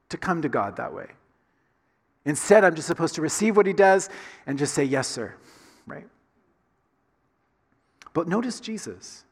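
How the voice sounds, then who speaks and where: A man's voice: on the high side, breathy edge, in a large hall. A man from the Southern United States with a Southern accent, preaching a sermon in a conversational way full of rhetorical questions. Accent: Southern American. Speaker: pastor.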